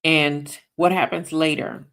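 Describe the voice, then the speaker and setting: A woman's voice: deep voice, level tone, slow, a bit bright. A woman hosting a faith-based money podcast, teaching in an emphatic preaching style and often checking in with "right?". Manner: emphatic, repeats "right?" to the audience. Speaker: podcast host and Christian finance teacher.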